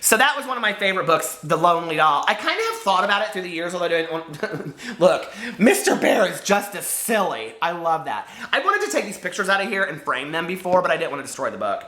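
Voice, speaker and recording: A giggly, nostalgic man gushes about childhood favorites in casual chat to camera. His voice is bright and very lively, swinging up and down. The room around him is echoey. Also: sits high, fast talker. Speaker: book vlogger.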